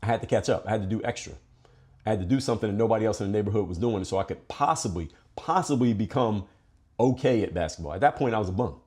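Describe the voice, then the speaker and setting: A man's voice: on the low side, a little mellow. A man from Philadelphia hosting a podcast, giving a blunt, profane motivational monologue. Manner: profane, direct, fast-talking. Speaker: podcast host.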